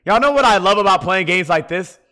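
A man's voice: high voice, expressive, fairly quick, pushed and bright. A man streaming a game, tipsy from drinking and talking to his chat in a rowdy, profane way. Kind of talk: casual gaming livestream chat.

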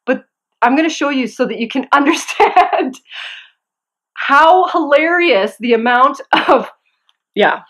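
A young adult woman hosting a knitting podcast from home, chatting casually to camera with giggles and excitable asides. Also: a little high, unhurried.

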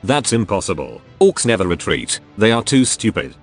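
A man's voice: on the low side, big pitch swings, moderate pace, soft background music. A man's synthetic text-to-speech voice reading the lines of a stern, indignant male commissar in a war story.

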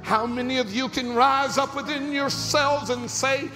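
A male pastor preaching a sermon in a large church, breaking into shouted, rising bursts. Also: extremely high pitch, fairly even intonation, a little slow, hardly any pauses. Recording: reverberant church hall with music.

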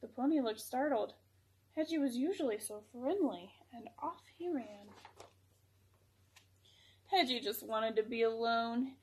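A woman reading a picture book aloud to children, gentle and expressive. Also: fairly high pitch, unhurried, long pauses, slight background noise.

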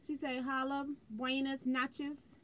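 A woman's voice: high-pitched, unhurried, fairly bright tone. A woman hosting a quilting livestream from home, chatting casually and greeting viewers by name as she reads their comments on a phone. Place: indoors at home, fireworks outside.

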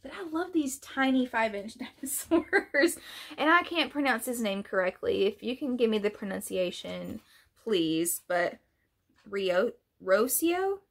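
High-voiced, gushing woman vlogger. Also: a little slow, creaky. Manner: gushing, excited, laughs often. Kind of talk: casual unboxing vlog.

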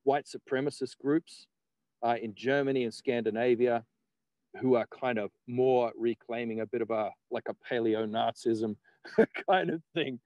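A man's voice: medium pitch, little pitch movement, normal speed, warm tone, no room sound, low-quality recording. A man, a guest in casual conversation, rambling with laughs and the odd swear word.

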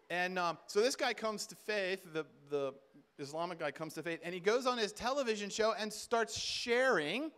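A man giving a storytelling talk at a conference, animated and humorous, acting out the voices of people in his stories. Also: sits high. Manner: animated, acts out quoted voices, humorous asides. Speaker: conference speaker. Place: conference stage before a live audience.

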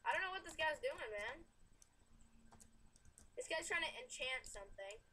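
A woman's voice: high-pitched, expressive, normal speed, pushed and bright. A young woman co-playing a video game, chatting, laughing and calling out the action. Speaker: co-player. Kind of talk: casual gameplay commentary.

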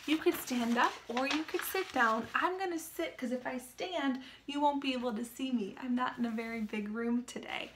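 A woman leading a children's story time with sign language, reading aloud in an animated, sing-song manner and asking the children questions, from a small room. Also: sits high, normal speed, few pauses, a little hiss or hum. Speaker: children's librarian.

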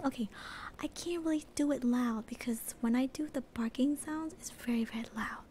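A female livestreamer chatting in whispered role-play, soft and bubbly, at home at night. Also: sits high, moderate pace, slight background noise.

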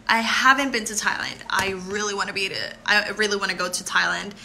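Girl in her 20s doing a live chat with fans, super bright voice, gushing and grateful, slight background hiss. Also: mid-range voice, fairly even intonation, gravelly. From Puerto Rico. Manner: bubbly and effusive, quick to thank and laugh. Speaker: beauty pageant contestant. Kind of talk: live stream answering viewer comments.

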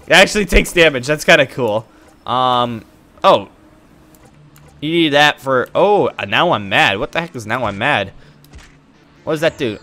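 A man giving goofy, excitable commentary while playing a video game. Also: a little high, moderate pace. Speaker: gaming YouTuber. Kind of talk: casual let's-play commentary.

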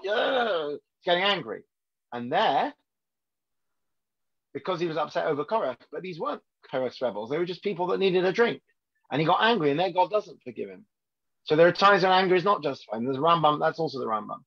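Rabbi chatting through a lesson. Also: male voice, on the high side, lively intonation, fast talker, a bit bright. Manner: conversational, keeps checking in with the class. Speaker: rabbi teaching a weekly class. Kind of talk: informal Torah lesson. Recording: dull lo-fi sound.

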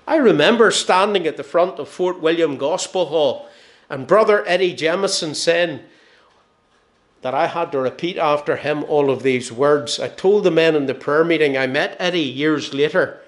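Older man, northern irish accent, preaching, slightly high voice, homely storytelling, soft and slow at phrase ends. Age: 60s. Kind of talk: sermon.

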